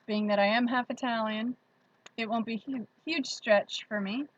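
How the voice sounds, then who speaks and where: Reading through viewer comments, this livestream host chats warmly and greets viewers by name. She speaks at a normal speed in a steady voice on the high side, and the dry recording has its highs cut off.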